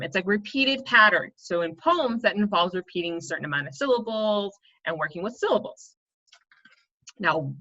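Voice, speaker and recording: A woman's voice: lowish voice, bright, forceful tone, muffled recording. A woman coach teaching a chatty, upbeat online writing lesson, explaining step by step.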